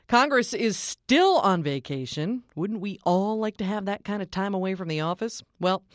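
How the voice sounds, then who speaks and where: Woman radio host, middle-aged, lively and playful, dry studio mic. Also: lowish voice, no room sound. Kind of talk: public radio business news banter.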